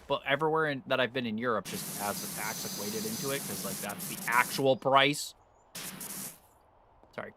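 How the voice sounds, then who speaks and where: A man's voice: mid-range voice, moderate pace, noisy background. A man streaming and chatting casually while he plays, ranting with plenty of swearing as he works himself up. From United States. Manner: ranting, profane, gets worked up. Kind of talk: casual live-stream chat while gaming.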